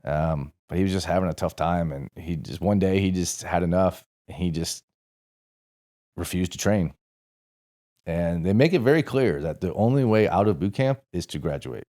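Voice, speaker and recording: A deep, dark-toned man's voice moves at a normal speed. The speaker, a forty-something ex-Marine from St. Louis, USA, is a podcast guest telling a loose, cuss-filled story in a relaxed way while self-correcting as he goes.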